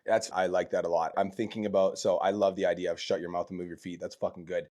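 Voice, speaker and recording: A man hosting a casual podcast, talking fast and swearing freely as he gets fired up. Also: sits low, level tone, a little mellow. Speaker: podcast host.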